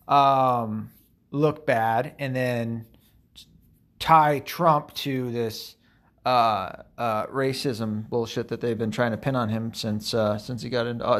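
A man in a mid-range voice rants through casual commentary, swearing freely and leaning on sarcasm. He rambles, restarts and fills gaps with ums and uhs. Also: mid-range voice. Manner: profane, sarcastic, rambling with many fillers. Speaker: political commentator.

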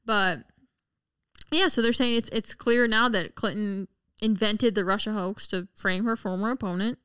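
Joking, profane woman with a smooth, dry voice. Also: medium pitch, normal speed, a bit bright, no echo. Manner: joking, profane, reads news items aloud. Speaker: podcast co-host. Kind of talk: casual political chat.

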